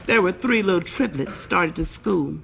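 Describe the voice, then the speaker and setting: A woman's voice: fairly low pitch, expressive, normal speed, vocal fry, fairly bright tone, slight background noise. A woman telling raunchy stand-up jokes on a live stage, brash and cussing. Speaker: stand-up comedian.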